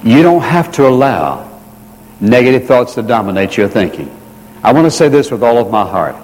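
A man preaching a sermon in an earnest way, slowing down and repeating key phrases for emphasis. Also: mid-range voice, a little mellow, slight background noise. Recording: long reverb of a large hall.

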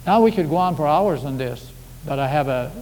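On the high side and fairly quick, this pastor's voice is expressive with a darkish tone. He delivers a folksy, conversational sermon packed with homely anecdotes, recorded in an echoey church sanctuary with faint background hiss.

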